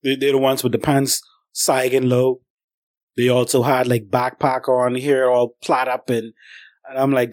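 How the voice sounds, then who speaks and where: A man's voice: mid-range voice, no echo. Man rambling through a casual travel story. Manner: rambling, conversational, speaks straight to viewers. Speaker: father telling a travel story.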